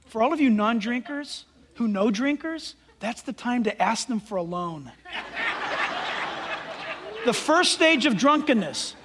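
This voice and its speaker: A male pastor preaching a sermon, emphatic and swinging between loud declarations and hushed asides. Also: very high voice, very animated, moderate pace, a little hiss or hum. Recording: long hall reverb.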